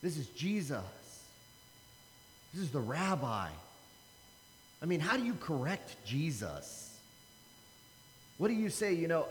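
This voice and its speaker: A man's voice: a little high, very animated, normal speed, pauses often, slight background noise. A man in his thirties preaching a casual, conversational sermon, acting out the Bible dialogue. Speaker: pastor. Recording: long hall reverb.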